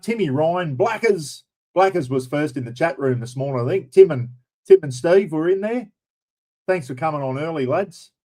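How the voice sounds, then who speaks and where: A man's voice: a little high, darkish tone, poor audio. An Australian man hosting a livestream in casual chat, blunt and chatty, with mild swearing as he greets viewers by name. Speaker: livestream host.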